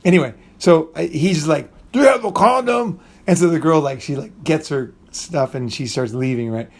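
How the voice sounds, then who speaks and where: A man's voice: on the high side, fairly even intonation, normal speed, vocal fry, darkish tone. Rambling profane man telling a story. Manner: rambling, profane, restarts often, acts out voices in quotes. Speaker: channel host. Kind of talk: casual storytelling monologue.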